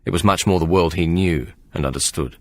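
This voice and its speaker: A man narrating an audiobook with measured, expressive storytelling. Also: deep voice, no echo, studio quality. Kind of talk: scripted narration.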